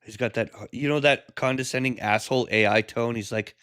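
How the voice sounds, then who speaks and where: A man hosting a live stream and calling a wrestling match with bombastic, profane, jokey play-by-play and sudden shouted calls. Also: mid-range voice, steady tone, brisk, few pauses, very noisy.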